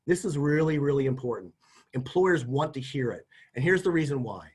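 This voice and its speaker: A man's voice: a little high, darkish tone, slightly rough. A middle-aged man giving practical job interview advice in a conversational, folksy way, often acting out sample lines. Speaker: career services presenter. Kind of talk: instructional talk.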